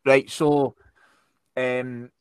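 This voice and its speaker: A man's voice: medium pitch, little pitch movement, drawn-out words, clean tone, no echo, studio quality. A comedian in casual chat, hesitant and repeating his words as he thinks aloud.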